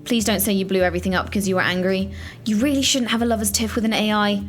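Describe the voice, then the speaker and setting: A woman's voice: mid-range voice, steady tone, fast talker, soft background music. A woman hosting a let's play, commenting on a game in a flustered, exclamatory way with many fillers.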